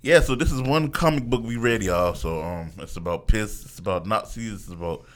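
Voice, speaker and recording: A man's voice: lowish voice, normal speed. A young man in a casual podcast chat, laid-back with dry remarks.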